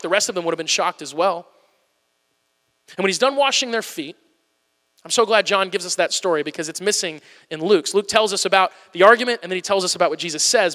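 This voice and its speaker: A man in his thirties preaches with an animated, self-mocking humor and a very high, bright voice. His words carry a long reverb tail from a large church sanctuary. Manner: animated, joking and self-deprecating. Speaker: pastor. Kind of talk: humorous sermon.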